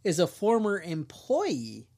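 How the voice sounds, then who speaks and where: A man's voice: sits high, huge pitch swings, takes it slowly, vocal fry, darkish tone. A man hosting a podcast, telling a crime story in a rambling, joking way and acting out the people in it. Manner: jokey, rambling, acts out quotes. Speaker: podcast host. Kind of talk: casual true-crime storytelling.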